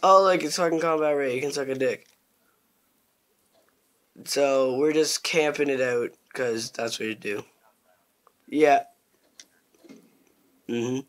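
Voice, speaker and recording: A young man giving casual, crude gameplay commentary, swearing constantly and bursting into excitement. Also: mid-range voice, slow, pauses often.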